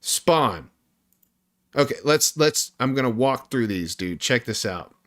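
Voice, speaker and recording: A man's voice: medium pitch, expressive, slow pace. A man developing a game on a live stream, thinking aloud through his code, frustrated and swearing constantly while he talks to viewers.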